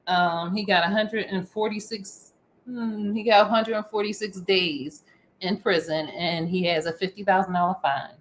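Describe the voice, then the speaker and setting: A woman's voice: mid-range voice, steady tone, normal speed, a little hiss or hum. A woman co-hosting a casual chat show, playful and rambling, often breaking into giggles. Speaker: podcast co-host.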